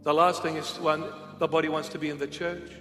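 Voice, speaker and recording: A man's voice: fairly high pitch, flat delivery, brisk, sharp tone. A man preaching a humorous, conversational sermon, slipping into playful impressions. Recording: echoey hall with faint music.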